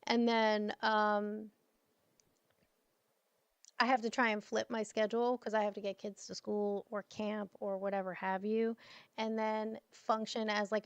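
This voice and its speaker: A woman's voice: mid-range voice, smooth, no room sound. A tired woman in her thirties chatting casually to friends on a livestream, affectionate and swearing freely.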